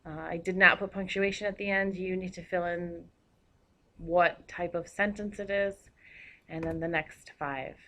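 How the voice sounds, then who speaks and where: A woman's voice: lowish voice, fairly even intonation, measured pace, fairly bright tone. A woman teacher giving a recorded grammar lesson, explaining patiently with a few fillers.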